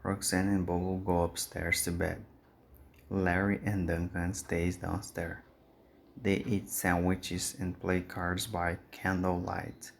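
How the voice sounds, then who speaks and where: A man reading a storybook aloud as narrator, slowly and clearly. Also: sits low, monotone, a little hiss or hum.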